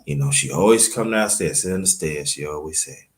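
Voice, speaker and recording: A man from Brooklyn, telling a halting, emotional family story on a livestream and thanking viewers by name. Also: rumbling low. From Brooklyn, New York. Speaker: livestream host.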